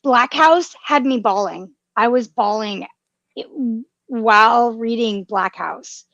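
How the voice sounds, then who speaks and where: A woman's voice: on the high side, slow, vocal fry, fairly bright tone, dry recording, highs cut off. A woman co-hosting a casual podcast chat, gushing and emotional, with frequent restarts and fillers. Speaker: podcast co-host.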